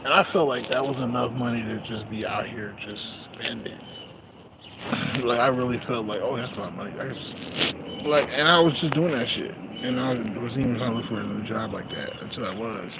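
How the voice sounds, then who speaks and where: Guy, casual profane streamer storytelling, mid-pitched voice, noisy street behind him. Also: normal speed. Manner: profane, laughing, animated storytelling. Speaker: livestreamer. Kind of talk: casual rambling monologue.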